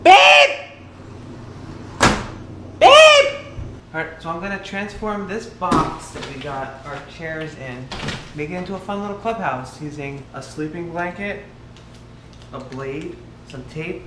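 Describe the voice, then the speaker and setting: A man in his thirties talking to a handheld camera in a chatty, upbeat daily family vlog, thinking out loud as he goes. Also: on the high side, moderate pace. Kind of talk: casual vlog talk to camera. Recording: camera audio with steady background noise.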